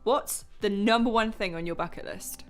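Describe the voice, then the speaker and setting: A woman's voice: medium pitch, moderate pace, faint music behind. A young woman co-hosting a casual radio chat, giggly and enthusiastic. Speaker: radio co-host.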